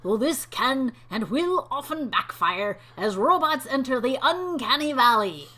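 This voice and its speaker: A woman reading robot facts aloud in a put-on Scottish accent, dramatic and slow. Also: high voice, animated, pushed and bright, exaggerated voice.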